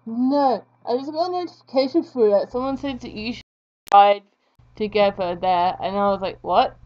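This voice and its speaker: A young woman art vlogger chats casually while drawing, rambling and making fun of herself. Her voice is fairly high and a little mellow, at a moderate pace, and the audio is dull.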